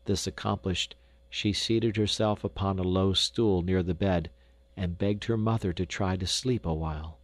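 A man reading a classic children's novel aloud as audiobook narrator, with expressive storytelling delivery on a close studio mic. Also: deep voice, normal speed, no room sound.

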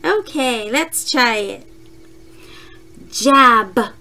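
A woman teaching a phonics lesson to young children, saying words slowly and clearly and repeating them for the class to echo. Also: on the high side, big pitch swings, bright, forceful tone. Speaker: kindergarten teacher.

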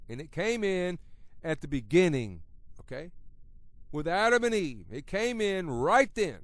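A middle-aged man preaching a radio sermon, talking conversationally at times and at others building to loud, emphatic passages. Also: on the high side, very animated, measured pace, no room sound.

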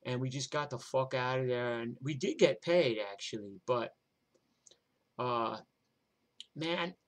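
A man's voice: medium pitch, unhurried. An older man with a New York accent telling a rambling, profane story from his own life in a streetwise way. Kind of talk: live personal storytelling.

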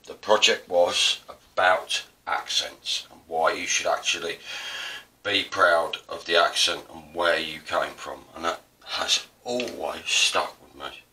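A man's voice: low voice, steady tone, takes it slowly, pushed and bright, recorded from a distance. A man with an Essex accent, chatting casually and rambling while he demonstrates printmaking, self-deprecating and prone to digressions. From Essex, South East England. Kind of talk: casual tutorial narration.

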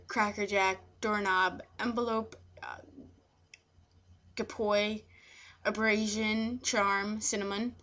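A woman's voice: medium pitch, bright, forceful tone, dull audio. Hesitant woman. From New Jersey. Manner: hesitant, with frequent fillers. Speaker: vlogger. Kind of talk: casual word-list reading.

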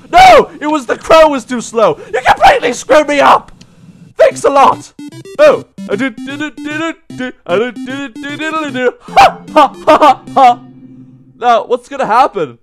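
A man voicing a jumpy, easily rattled male puppet who shrieks and yells through in-character game commentary. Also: high voice, exaggerated voice. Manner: shrieking and yelling, then sudden mumbles. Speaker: let's play commentator.

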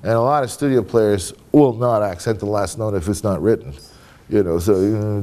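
A man's voice: lowish voice, fairly quick, warm tone. A man speaking as a guest trumpet player in a casual panel discussion, talking in a loose, candid way. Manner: loose and candid, peppered with "you know" and "man". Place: conference room before an audience.

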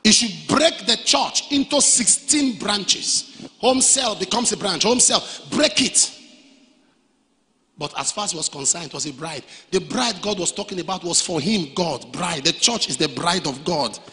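A male pastor preaching a sermon, dropping to quiet storytelling and then rising to shouted lines. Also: high voice, expressive, a little slow. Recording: reverberant hall.

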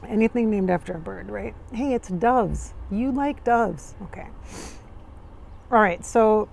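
Minnesota lady doing a chill channeling chat outside, kinda gravelly voice, dry sarcastic jokes, a bit of traffic noise behind. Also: mid-range voice, unhurried, a little mellow. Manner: chatty, dry sarcastic humor, frequent laughs. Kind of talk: casual spiritual channeling talk.

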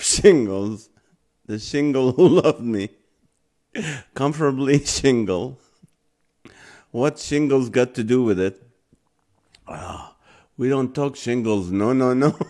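A man hosting a live stream reads viewers' puns aloud at a slow pace. He keeps breaking into helpless laughter and sounds close to tears. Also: mid-range voice, a little mellow. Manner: laughing helplessly between punny lines. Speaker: host. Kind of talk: live-stream chat reading comments.

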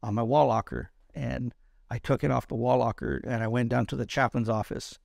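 A man's voice: mid-range voice, fairly even intonation, a little fast, creaky, a little mellow, no echo, studio quality. A middle-aged man from East Los Angeles, an Army combat veteran telling his story in an interview, speaking bluntly with profanity and repeated words. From East Los Angeles, USA. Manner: blunt, profane, repeats words when emotional, acts out quoted voices.

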